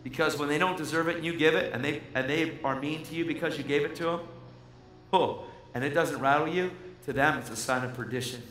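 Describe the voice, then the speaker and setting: A man's voice: a little high, brisk, a bit bright, a little hiss or hum. A man preaching a fervent, emphatic sermon and telling a story to the congregation. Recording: echoey hall with music.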